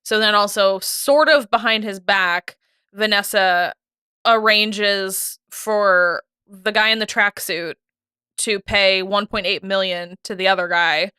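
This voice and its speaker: A woman's voice: mid-range voice, fairly even intonation, slow, bright, forceful tone, smooth, no echo, studio quality. A woman co-hosting a casual TV recap chat, talking loosely with many fillers and restarts. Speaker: podcast co-host.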